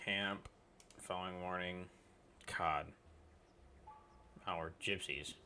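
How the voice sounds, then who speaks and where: A man's voice: sits low, fairly even intonation, slow pace, bright, forceful tone, slight background noise. A man casually commentating a card game he is playing, thinking aloud and reading the game text as he goes. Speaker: gaming channel host. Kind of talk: casual let's-play commentary.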